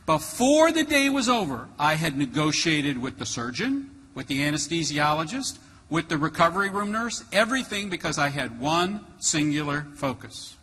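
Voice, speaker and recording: Animated male keynote storyteller. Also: a little high, moderate pace. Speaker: motivational speaker. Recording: hall reverb, faint noise.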